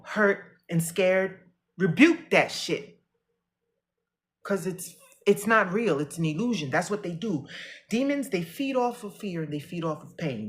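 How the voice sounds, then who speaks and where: A middle-aged woman speaks straight to her camera, coaching herself in a personal pep-talk vlog. Her voice is emotional and earnest. She rises to loud, firm declarations and then drops to hushed, near-whispered lines. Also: fairly low pitch. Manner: talks to herself, earnest and self-encouraging. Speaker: vlogger.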